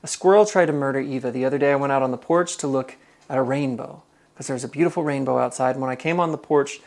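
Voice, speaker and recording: A man talks casually while cooking on a live stream in his home kitchen. He reads viewer comments aloud and thinks out loud between steps, easygoing and conversational. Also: medium pitch, fast.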